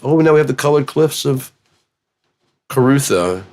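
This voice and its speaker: A man in a profane, rambling monologue that swings between low mutters and excited yelling. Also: a little slow, pauses often.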